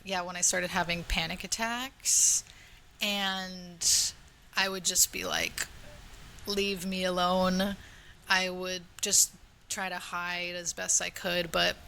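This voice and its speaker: Bright, chatty young woman co-host telling stories. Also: mid-range voice, measured pace, gravelly, slight background noise. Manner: chatty storytelling, lots of "like". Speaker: podcast co-host. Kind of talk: casual chat. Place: home room.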